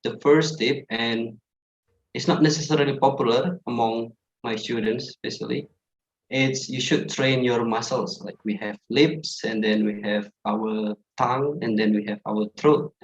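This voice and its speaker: A man's voice: medium pitch, fairly even intonation, a little slow. A man giving pronunciation tips in a chatty way, full of fillers, on a video call. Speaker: pronunciation presenter. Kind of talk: teaching tips on an online class call. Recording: echoey room, dull online call audio.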